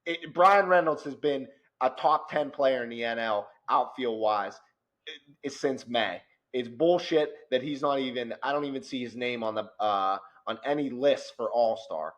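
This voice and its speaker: A man co-hosting a casual sports podcast, talking animatedly and growing loud and worked up as he rants. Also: medium pitch, moderate pace, lo-fi sound. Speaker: podcast co-host.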